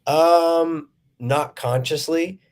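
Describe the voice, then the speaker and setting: Relaxed, conversational male podcast guest. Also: on the high side, drawn-out words, clear, resonant tone. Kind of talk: casual chat.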